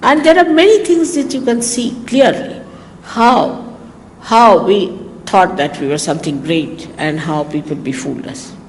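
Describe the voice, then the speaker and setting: A woman's voice: mid-range voice, measured pace. Indian woman teaching in an echoey hall. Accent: Indian English. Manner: anecdotal storytelling, chatty and teasing. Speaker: spiritual teacher. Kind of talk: informal spiritual talk. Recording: echoey hall, faint hiss, 1980s archive recording.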